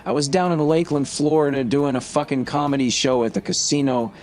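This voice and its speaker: A man's voice: on the high side, fairly even intonation, a little fast, darkish tone, lightly acted. A man doing an impression of a crude, grumbling middle-aged comedian podcaster, ranting with a lot of swearing. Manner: profane, grumbling rant.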